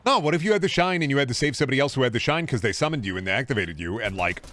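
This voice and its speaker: Young male streamer, casual and profane, rambles with sudden loud spikes of excitement, mid-pitched voice. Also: rapid-fire, a little hiss or hum. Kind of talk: casual gaming stream chat.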